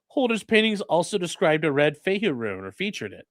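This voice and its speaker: A man hosting a livestream as an attorney, giving sarcastic, animated legal commentary. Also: fairly high pitch, fairly quick, no echo. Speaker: attorney and channel host.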